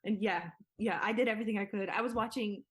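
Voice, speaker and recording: A young woman guest in an interview, talking casually with lots of "like" and "yeah" fillers. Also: medium pitch. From Nigeria. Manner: chatty, quick, many "like" and "yeah" fillers. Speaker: guest, filmmaker.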